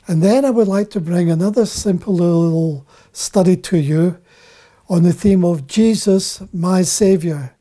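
An older man teaches from the Bible at an unhurried, careful pace. His voice is mellow and soft-edged, and he often pauses and repeats a word to stress it. The delivery is that of a preacher. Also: high-pitched. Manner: deliberate, halting, repeats words for emphasis. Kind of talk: slow spoken Bible teaching.

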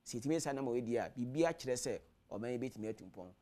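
A man's voice: mid-range voice, expressive, very fast, mellow. A man with a Ghanaian accent, a clergyman guest on a studio panel, speaking firmly and defiantly in Twi and English and reaching for proverbs. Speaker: clergyman guest addressed as Father.

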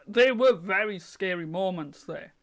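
A young man with a high, bright voice reacts to a horror game as he plays. He yells and swears in panic, then settles back into slow, unhurried talk. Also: expressive. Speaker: gaming video host. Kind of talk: horror game playthrough commentary.

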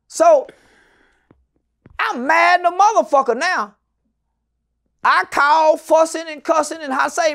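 A man's voice: very high voice, moderate pace, long pauses. A middle-aged man telling a long story as an interview guest, cursing freely and acting out the people he quotes. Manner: profane, loud, acts out the people in his story. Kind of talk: animated storytelling in a casual interview.

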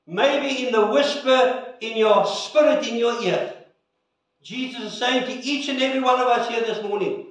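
A male pastor giving an earnest sermon and prayer with measured pauses, recorded in a church sanctuary. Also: very high voice. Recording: echoey church from a distance.

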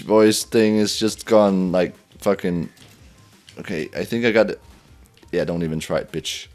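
A young man giving let's play commentary, laughing often, swearing and yelping in frustration as he plays. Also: medium pitch. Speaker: gameplay commentator.

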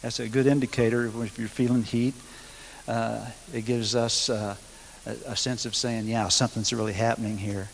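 A middle-aged man, telling his testimony at a church seminar in a folksy, hesitant way, full of pauses and chuckles. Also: mid-range voice, flat delivery, creaky. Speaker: guest minister sharing testimony. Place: school hall. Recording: long hall reverb, hiss.

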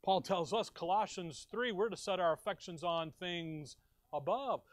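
High-voiced preacher, dry close mic. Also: male voice, normal speed, dry recording. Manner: conversational preaching, rising to emphatic bursts. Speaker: pastor. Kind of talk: sermon. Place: church sanctuary.

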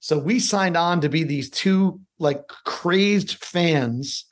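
A middle-aged man from Chicago, an actor guest telling stories in casual podcast chat, lively and swearing freely. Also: fairly high pitch, takes it slowly.

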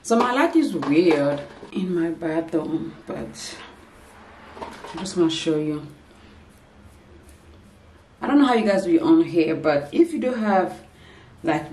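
A woman talks casually to her viewers at home, wandering from one thought to the next in a loose, chatty way. Her voice sits a little low. The room around her has a noticeable echo. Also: darkish tone, a little hiss or hum. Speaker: lifestyle vlogger. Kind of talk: casual vlog chat to camera. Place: indoors at home. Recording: echoey room.

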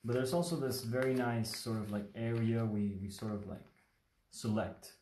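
A man's voice: mid-range voice, moderate pace, dark tone, echoey room, slight background noise. A man from Mexico teaching paper folding in a casual livestream, rambling and chatty, often checking in with the viewer. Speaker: origami instructor. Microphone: livestream phone or webcam mic.

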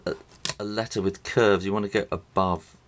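A man's voice: on the low side, fairly even intonation, normal speed. A middle-aged man with an English accent explaining drawing in a casual, rambling way, with many fillers and restarts while he draws. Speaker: drawing teacher. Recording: faint noise with pen and writing sounds.

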